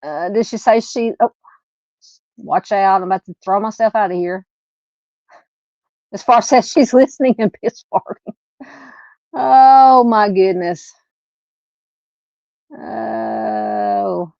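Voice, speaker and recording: A woman's voice: medium pitch, lively intonation, unhurried, vocal fry, pauses often, dark tone, no room sound, highs cut off. A woman with a Southern US accent hosting a casual true crime live stream, rambling and chatty as she talks with viewers. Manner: rambling, chatty, lots of "you know" fillers.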